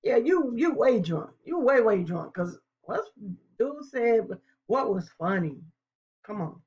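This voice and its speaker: A woman's voice: a little high, sing-song, slow, darkish tone. A woman hosting a reaction video, teasing and talking back to the clip in casual commentary. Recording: dull, lo-fi sound.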